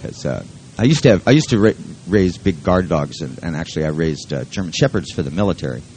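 Guy running a seminar, low voice, rambles, cracks jokes and swears, pitch bounces all over. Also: animated, fast, darkish tone, a little hiss or hum, rough recording. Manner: rambling, joking, profane. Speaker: seminar leader. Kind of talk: live workshop talk.

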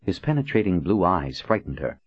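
Deep-voiced male audiobook narrator. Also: sing-song, brisk, breathy edge, no room sound. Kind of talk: scripted narration. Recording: dull, dry lo-fi recording.

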